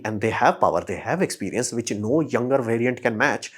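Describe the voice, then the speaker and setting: Host, male, mid pitch; informal, emphatic opinion talk, swears lightly. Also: animated, fairly quick, slightly rough. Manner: emphatic, fires rhetorical questions. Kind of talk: casual opinion monologue.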